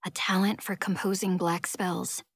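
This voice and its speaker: A woman voicing a level-headed girl who speaks in a crisp, matter-of-fact way in an audiobook. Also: fairly high pitch, very animated, moderate pace, fairly bright tone, no room sound, studio quality.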